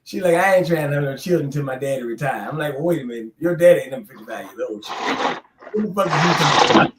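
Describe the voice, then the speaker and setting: A middle-aged man telling a long, profane, animated story in a casual chat and laughing as he goes. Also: a little high, fast talker, reverberant, heavy background noise. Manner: animated, profane, laughs through his stories. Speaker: podcast co-host.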